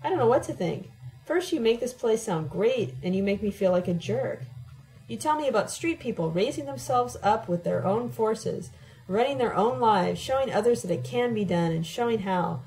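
A woman's voice: fairly high pitch, expressive, normal speed, a little mellow, soft background music, poor audio. A woman reading the part of an exasperated young man who presses with blunt questions, in an audiobook.

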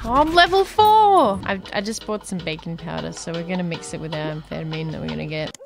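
A woman's voice: low-pitched, fairly even intonation, fast talker, gravelly. A young woman commenting on a game as she plays, chatty and giggly, often gasping and squealing. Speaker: gaming YouTuber. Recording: music underneath.

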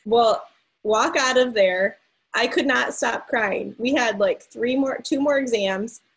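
A breathy, slightly husky woman in her thirties hosts a casual chat. She tells her stories in an animated way, full of likes, and acts out what people said. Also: a little high, slow pace, poor audio. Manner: animated storyteller, many likes, acts out quotes. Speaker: host.

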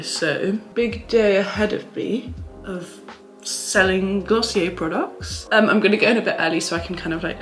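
A woman's voice: on the low side, fairly bright tone. A young woman, chatting casually and upbeat to camera in a vlog, with "like" in many sentences. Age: young adult. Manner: chatty and upbeat, says "like" often. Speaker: vlogger. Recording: background music under the voice.

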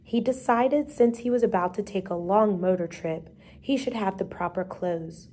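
A woman with a steady, measured delivery, reading a storybook chapter aloud. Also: medium pitch. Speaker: reader.

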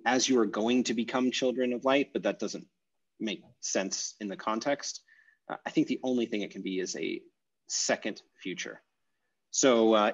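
Guy explaining grammar on a call, lots of ums, muffled lo-fi sound. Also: fairly low pitch. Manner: thinking aloud, many ums and self-corrections. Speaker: online language course teacher. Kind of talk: explaining grammar in a live online class. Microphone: video call.

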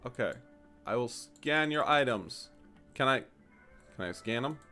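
A man giving casual, animated commentary while playing a store game, jumping to high excited exclamations and mock-polite shopkeeper lines. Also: a little slow, soft background music. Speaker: gaming YouTuber.

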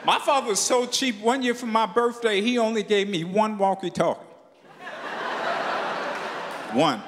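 A man's voice: high voice, measured pace. A man telling a stand-up story, slipping into voices for the people in it. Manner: storytelling, acting out dialogue in voices. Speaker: stand-up comedian. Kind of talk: stand-up routine. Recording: live stage with long reverb and noise.

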